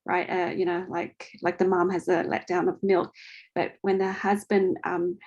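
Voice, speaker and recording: A woman's voice: lowish voice, normal speed, lo-fi sound. A woman hosting a video call panel, chatty and effusive, telling stories with lots of fillers. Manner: gushing, animated storytelling with many fillers. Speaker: panel host. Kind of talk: casual video call chat.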